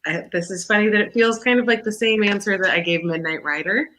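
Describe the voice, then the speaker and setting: A woman's voice: medium pitch, quick pace, pushed and bright. A woman guest who reads tarot, chatting and explaining at length. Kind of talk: casual chat.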